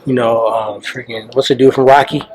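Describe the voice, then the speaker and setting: A man, a fighter, talking calmly and casually with slang in a press interview. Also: mid-range voice, a little fast, over a noisy crowd. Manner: calm, laid-back, slangy. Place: press conference.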